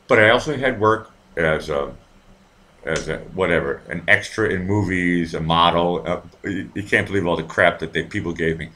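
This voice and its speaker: A man's voice: low voice, fairly bright tone. A man hosting a live show, telling a story in a rambling, profane, casual way with many restarts.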